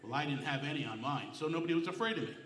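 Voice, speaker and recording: A middle-aged man doing a stand-up comedy set on a club stage, telling deadpan, self-mocking stories. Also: fairly high pitch, rapid-fire, reverberant, far from the mic, a little hiss or hum. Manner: deadpan storytelling, self-mocking one-liners.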